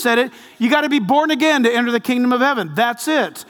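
A man in his fifties, a pastor preaching a sermon with lively storytelling and jokes. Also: extremely high pitch, fairly quick, few pauses. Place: large church hall. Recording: long hall reverb.

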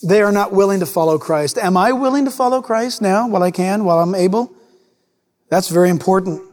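A man preaching a sermon as pastor, animated and playful, acting out voices as he tells stories. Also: high-pitched, fairly quick, long reverb tail.

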